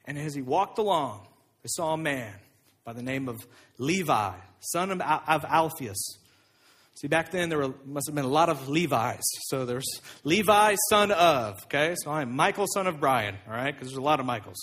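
A male pastor preaches in a high, slightly husky voice that swings widely in pitch. He is energetic and emphatic and mixes jokes into the sermon. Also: moderate pace.

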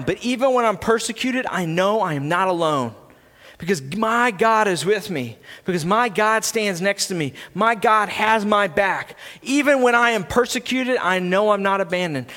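A pastor man delivering an earnest sermon that swells into impassioned preaching. His voice sits high and sounds bright and forceful. It rings with the long reverb of a church sanctuary.

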